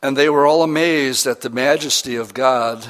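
A middle-aged man preaching as a pastor, reading scripture slowly and then explaining it in plain, conversational words with questions to the congregation. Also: medium pitch, a bit bright. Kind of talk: verse-by-verse Bible teaching sermon.

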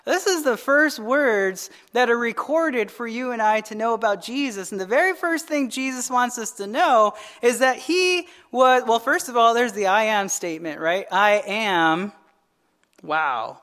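A woman's voice: fairly high pitch, lively intonation, moderate pace, hardly any pauses, fairly bright tone. A woman teaching a midweek Bible study in a conversational way, often asking "right?" and restarting her phrases.

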